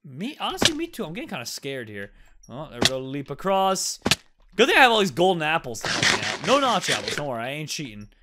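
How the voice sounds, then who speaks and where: A young man giving excited gaming commentary, yelping and shouting whenever danger hits. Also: fairly high pitch, fast talker, background noise. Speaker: gaming YouTuber.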